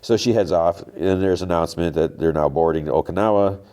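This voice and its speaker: A man's voice: low-pitched, quick pace, dark tone. A man hosting a podcast, giving a casual, rambling recap of a TV episode and quoting the characters as he goes. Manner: rambling, quotes characters with lots of "he's like". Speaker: podcast host.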